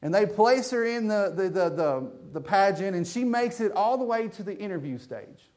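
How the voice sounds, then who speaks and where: A male preacher gives a sermon, joking with his congregation. His voice sits high for a man, and his pitch swings widely as he talks. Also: expressive, normal speed, darkish tone.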